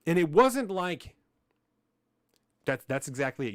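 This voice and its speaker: A man's voice: on the high side, very animated, unhurried, pauses often, no echo, clean studio sound. A man co-hosting a casual political podcast, ranting heatedly with frequent swearing and mocking impressions. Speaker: podcast co-host.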